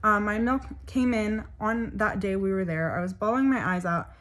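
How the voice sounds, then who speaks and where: A woman's voice: medium pitch, normal speed, fairly bright tone. A young woman telling a personal story in a chatty, emotional way, full of fillers and asides. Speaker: vlogger.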